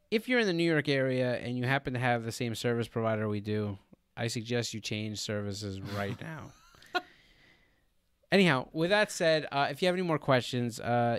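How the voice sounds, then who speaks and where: A man's voice: mid-range voice, normal speed, clear, resonant tone, no room sound, clean studio sound. A man hosting a casual live stream Q and A, explaining with lots of fillers and laughing along.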